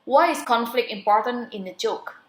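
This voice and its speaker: A woman's voice: on the high side, normal speed. Young woman reading a script aloud. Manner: careful read-aloud with small slips. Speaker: student. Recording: roomy echo.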